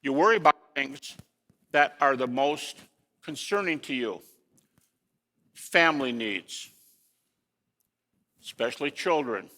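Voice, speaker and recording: A man giving a lecture to an audience in an animated way, with rhetorical questions and folksy asides. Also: medium pitch, takes it slowly, pauses often, long reverb tail.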